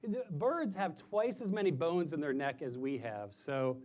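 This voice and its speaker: A man's voice: a little slow, darkish tone. A man presenting live animals to a group of children, chatty and explaining in simple terms, sometimes hooting like an owl. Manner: imitates owl hoots in a high voice. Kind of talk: live animal show for kids.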